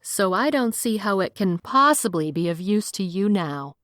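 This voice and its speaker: A woman's voice: medium pitch, animated, moderate pace, a bit bright, no echo, studio quality, natural voice. A woman voicing a petty, sarcastic middle-aged witch mother in an audiobook. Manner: sarcastic, dismissive.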